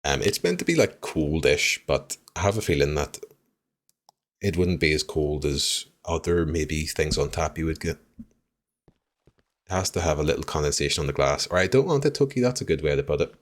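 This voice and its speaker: A man streaming a game live, chatting with viewers, swearing freely and reacting loudly to what happens on screen. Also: rumbling low, animated, normal speed. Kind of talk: live gameplay commentary.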